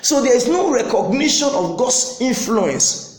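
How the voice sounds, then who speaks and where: A man's voice: very high voice, very animated, a little slow, a little mellow, echoey room, low-quality recording. A man preaching a sermon as pastor, emphatic, repeating phrases and acting out quotes.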